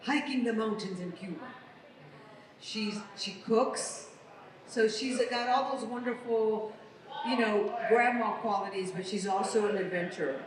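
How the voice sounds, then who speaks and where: A woman's voice: mid-range voice, a little slow, crowd noise. An American woman, a voice actress, chatting casually as a guest on a convention panel. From United States. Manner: chatty, animated storyteller. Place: large convention hall. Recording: echoey hall recorded from far off.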